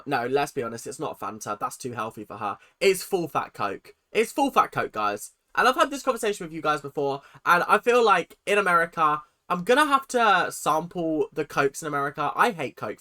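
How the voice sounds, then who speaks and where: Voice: medium pitch, sharp tone. A reaction video host with a British accent, ranting dramatically in casual commentary.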